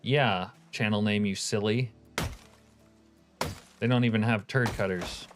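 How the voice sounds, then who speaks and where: Male streamer, low voice, relaxed profane chat-reading banter. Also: a little slow, over music. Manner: laid-back, profane, reads chat aloud. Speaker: game streamer. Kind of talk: casual live-stream commentary.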